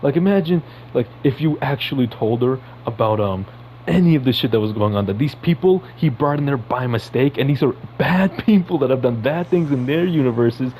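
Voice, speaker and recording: A man ranting in casual commentary, heated and profane, his voice jumping into high outbursts. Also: expressive, brisk, a little mellow, slight background noise, rough recording. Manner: heated, swearing, sudden high-pitched outbursts. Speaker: podcast host.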